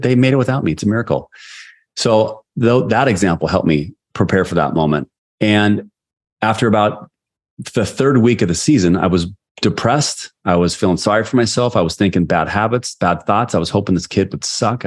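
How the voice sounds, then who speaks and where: A middle-aged man with a very low voice tells a personal story as a podcast guest. He is animated and drops into the voices of the people he quotes. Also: fairly quick. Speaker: guest, sales leader and coach.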